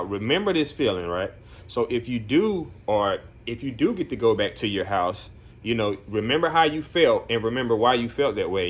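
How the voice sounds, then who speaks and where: Rambling, low-voiced man counselor. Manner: rambling, filler-heavy; earnest, encouraging. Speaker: group home counselor. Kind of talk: casual vlog talk.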